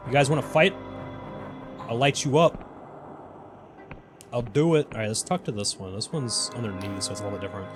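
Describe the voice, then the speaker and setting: Excitable man doing let's play commentary. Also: medium pitch, a little fast, long pauses. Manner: excitable, chatty, reads game text aloud. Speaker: gaming channel host. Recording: game music in background. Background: game music.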